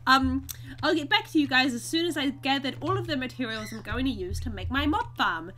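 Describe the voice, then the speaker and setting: A woman narrates her game to viewers in a chatty, giggly way. Her voice sits high and swoops around animatedly, with a bright, sharp tone. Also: lively intonation, brisk. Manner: chatty, giggly, talks to viewers while playing. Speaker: gaming video host. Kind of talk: casual let's-play commentary.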